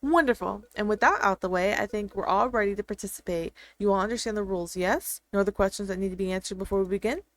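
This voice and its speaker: A woman's voice: medium pitch, fast talker, few pauses, lightly acted. A woman voicing a smug, playful goddess who hosts a deadly game, with a teasing, cocky manner. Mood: cheerful. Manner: teasing, cocky, sing-song.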